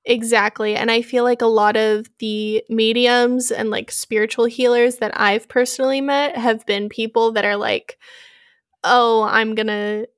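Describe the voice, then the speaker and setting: Woman co-host, slightly high pitch, dry close sound, quick reactive listener. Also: steady tone, no echo. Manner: attentive listener, reacting with short exclamations. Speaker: podcast co-host. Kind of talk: casual chat.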